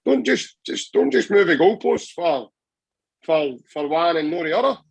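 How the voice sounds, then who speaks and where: A man's voice: fairly high pitch, expressive, normal speed, creaky, slightly rough, no room sound, low-quality recording. A Scottish man chatting passionately about football on a podcast, rambling with many restarts. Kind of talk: casual football chat.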